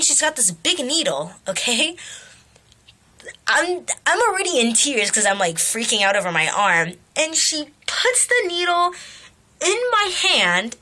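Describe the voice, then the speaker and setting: Young woman vlogger, bright and lively, swears casually; fairly high voice. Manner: animated, swears freely, laughs while telling. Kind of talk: casual storytelling vlog.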